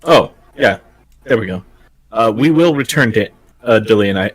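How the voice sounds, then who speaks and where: Hesitant player, dry recording. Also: male voice, fairly low pitch, lively intonation, normal speed, slightly rough, dry recording, low-quality recording. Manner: hesitant, filler-heavy. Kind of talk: tabletop game play.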